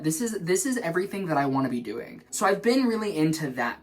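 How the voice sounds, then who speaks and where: A young man vlogging in his shower, rambling in an animated, self-mocking way. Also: on the high side. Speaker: vlog host. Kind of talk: rambling stream-of-consciousness chat. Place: in the shower at home.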